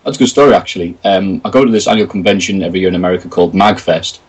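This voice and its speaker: A man's voice: low-pitched, racing, breathy edge, far from the mic, poor audio. A British man telling stories in a casual interview, chatty and jokey, acting out quotes in other voices. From Britain. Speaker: interview guest, video creator.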